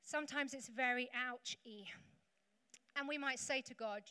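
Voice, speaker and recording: A woman preacher keeps a measured pace as she gives a conversational sermon, sprinkling in humorous remarks to the congregation. Her high-pitched voice is pushed and bright, and the church hall sounds echoey with faint background noise.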